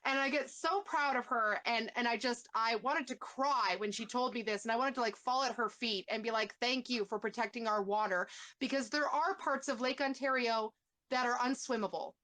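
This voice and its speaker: A woman's voice: on the high side, moderate pace, sharp tone. Gushing Canadian woman host, fillers. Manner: gushing, emotional, many fillers and restarts. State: tearful. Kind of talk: casual live-stream interview.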